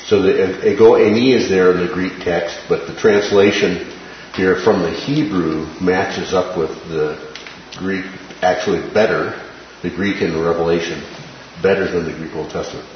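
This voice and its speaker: Male Bible teacher with a low voice, explaining verses and checking in with "right?", in a boomy room with a dull, lo-fi sound. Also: fairly even intonation, moderate pace. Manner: explanatory, quotes scripture, checks in with "right?" and "okay?". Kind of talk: Bible study lesson. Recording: very echoey, dull room sound with faint hiss.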